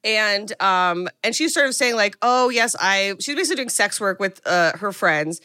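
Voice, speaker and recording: A young woman co-hosting a podcast, retelling a film in casual, animated chat and acting out quotes. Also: mid-range voice, normal speed, clear, resonant tone, dry recording, clean studio sound. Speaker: podcast co-host recapping a film.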